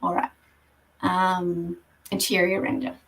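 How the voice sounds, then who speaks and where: A woman's voice: fairly low pitch, completely flat delivery, takes it slowly, a bit bright, far from the mic, poor audio. A woman giving a conversational presentation on property marketing, explaining slides with frequent ums. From Australia. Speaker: guest speaker on property marketing.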